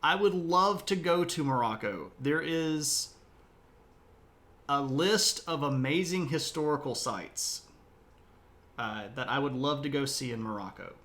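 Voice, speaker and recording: A man's voice: on the high side, measured pace, a bit bright. Guy hosting a history stream, chatty and opinionated, wanders off on side tangents. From United States (South Mississippi). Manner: chatty, self-described opinionated, rambling asides. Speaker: history livestream host. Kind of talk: casual livestream chat and history talk.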